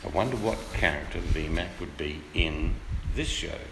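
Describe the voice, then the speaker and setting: A man's voice: extremely low pitch, moderate pace, gravelly, roomy sound, long reverb tail, background noise. A man chatting casually and jokingly, often slipping into silly voices. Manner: playful, breaks into silly voices and singing. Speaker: livestream chatter.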